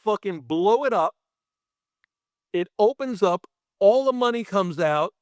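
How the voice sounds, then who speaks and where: Brief: effects-artist guest from Brooklyn, man, raunchy and animated storyteller, slightly high voice, dry close mic. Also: a little slow, dry recording. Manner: profane, animated, acts out other people. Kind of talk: casual storytelling.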